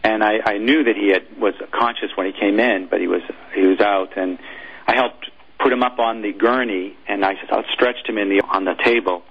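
A former military chaplain, a man, telling a personal story in an interview, halting and repeating words as he goes. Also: fairly low pitch, steady tone, slightly rough, dull audio.

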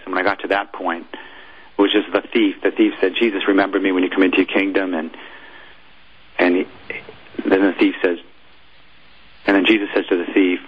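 A man with a low, husky voice and level tone, formerly a military chaplain, relates a personal story in an interview while halting and repeating words. The recording is muffled.

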